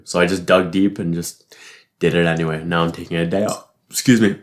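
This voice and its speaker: A man's voice: sits low, fairly even intonation, brisk. A young man talking casually in a reflective monologue, rambling, swearing often and laughing easily. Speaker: vlogger.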